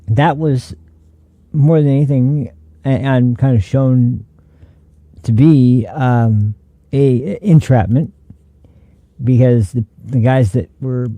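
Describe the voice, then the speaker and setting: A man's voice: mid-range voice, mellow, dry recording, dull audio. A young adult man hosting a political commentary show, ranting sarcastically in a heated, rambling way.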